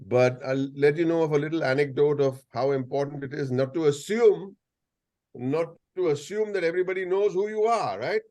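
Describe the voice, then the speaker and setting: A man's voice: fairly high pitch, normal speed, darkish tone. Indian English man, 60s, playful storyteller speaking over a video call. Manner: playful, storytelling, jokes and asides. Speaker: guest speaker. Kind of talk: anecdotal talk to a video-call audience.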